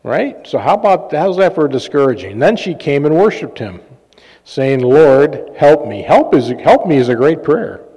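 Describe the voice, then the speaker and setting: Male preacher with a mellow voice telling humorous stories in a reverberant hall; casual, chatty delivery. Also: on the high side, big pitch swings, normal speed, slightly rough. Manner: conversational, jokey, fillers and self-laughs. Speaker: pastor and healing minister. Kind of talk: sermon with personal stories. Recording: long reverb of a large hall.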